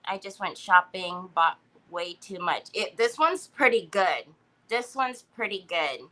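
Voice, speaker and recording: A woman's voice: medium pitch, animated, measured pace, bright, forceful tone, low-quality recording. A woman hosting a casual craft livestream, greeting viewers by name and laughing often. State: recovering from a headache.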